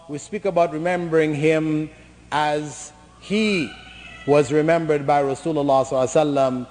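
A man's voice: a little high, darkish tone. Emphatic male preacher in a reverberant hall. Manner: emphatic, mocking imitations of chanting. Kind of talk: lecture-style sermon.

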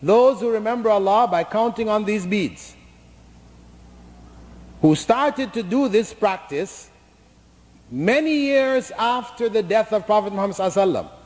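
A man's voice: high voice, expressive, normal speed, long pauses, a little mellow. Emphatic male preacher in a reverberant hall. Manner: emphatic, mocking imitations of chanting. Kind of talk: lecture-style sermon.

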